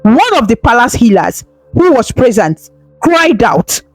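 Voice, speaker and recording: Slow, lively-voiced woman storyteller. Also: a little high, dry recording, faint music behind, low-quality recording. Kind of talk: folktale narration.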